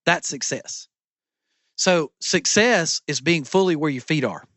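A man's voice: on the high side, expressive, normal speed, fairly bright tone, no room sound. A middle-aged man preaching a sermon as pastor from a church stage, with an emphatic, repetitive cadence.

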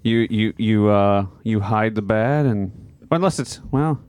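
A man chatting casually, halting and restarting his sentences. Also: lowish voice, darkish tone, clean tone, no echo. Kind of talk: casual banter.

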